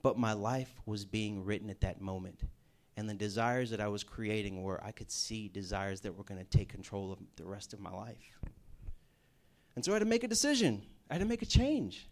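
A man's voice: on the low side, lively intonation, moderate pace. A man preaching a personal testimony, telling it as a casual story with jokey asides. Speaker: campus ministry speaker.

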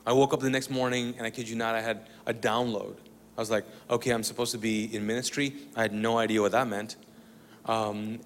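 A man telling a personal testimony to an audience, animated and comic as he acts out the dialogue. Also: lowish voice, big-room sound, slight background noise. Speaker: speaker sharing a testimony.

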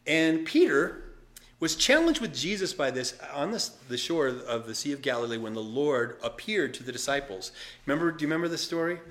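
A male pastor preaching a sermon, telling the story lively and casually, with asides to the congregation. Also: on the high side, a little fast. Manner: animated storytelling with acted voices and asides.

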